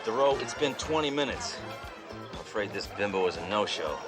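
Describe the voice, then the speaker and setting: A man playing a deadpan tough-guy cop. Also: on the low side, normal speed, over loud music, over a noisy crowd, natural voice. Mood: impatient. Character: cocky, trigger-happy male cop. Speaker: police detective. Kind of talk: 1980s sitcom acting.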